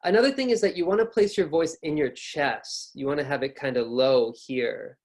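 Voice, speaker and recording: A young man with an American accent leads an online lesson on pronunciation. He talks in a relaxed, explanatory way and sounds out each example himself. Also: a little high, moderate pace. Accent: General American. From North America. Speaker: pronunciation teacher.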